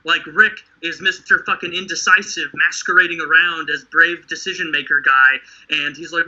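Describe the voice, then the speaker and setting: Bright, high-voiced man in casual chat. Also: moderate pace, hardly any pauses, dull audio. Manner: profane, animated, mocking. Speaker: podcast co-host.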